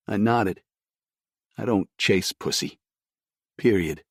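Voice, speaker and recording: A man narrating a romance audiobook in first person, terse and even. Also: sits low, a little slow, slightly rough, no echo, clean studio sound.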